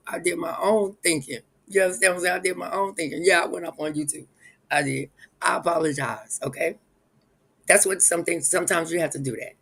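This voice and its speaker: A man's voice: a little high, vocal fry, fairly bright tone, breathy edge, low-quality recording. A man hosting a casual live stream, rambling and chuckling as he talks straight to his viewers.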